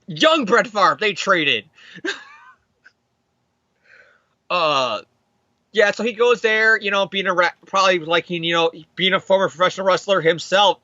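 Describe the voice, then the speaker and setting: A man's voice: a little high, sharp tone, no room sound, muffled recording. A man hosting a casual comic book recap show, rambling, laughing often and acting out characters. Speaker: podcast host.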